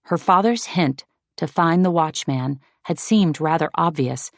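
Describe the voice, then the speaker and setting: On a dry recording, a woman with a low voice tells a story for an audiobook, reading scripted narration in an even, measured way.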